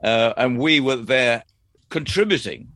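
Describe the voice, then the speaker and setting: A man's voice: mid-range voice, expressive, bright, forceful tone, dry recording, clean studio sound. Eighty-year-old man telling stories. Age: 80s. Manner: measured, hesitant with frequent uhs. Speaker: interviewee, former announcer. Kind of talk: relaxed anecdotal chat.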